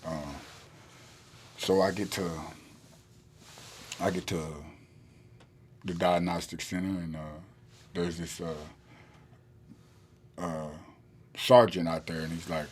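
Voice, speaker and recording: A man's voice: low-pitched, flat delivery, slow pace, pauses often, darkish tone, breathy edge. A man, a podcast guest telling a long story in a rambling way with many fillers and restarts. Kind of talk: casual storytelling in an interview.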